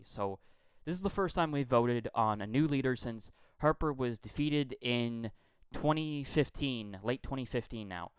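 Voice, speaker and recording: A man's voice: medium pitch, a bit bright, smooth, dry recording. A man from Quebec delivering a heated political rant, blunt and profane, often repeating words as he gets worked up. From Quebec, Canada. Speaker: political commentator.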